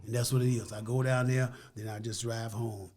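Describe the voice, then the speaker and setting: A man's voice: mid-range voice, steady tone, a little fast, a little mellow. An older American man talking as a guest in a casual interview, earnest and full of "you know" and "like I said.".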